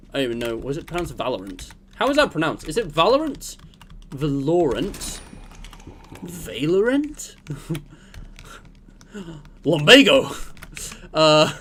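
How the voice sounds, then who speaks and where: A man's voice: medium pitch, a bit bright, slight background noise. A young man streaming a game, chatting casually and rambling in a jokey way to his viewers. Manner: rambling, jokey, talks to chat while playing. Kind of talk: casual gameplay chat.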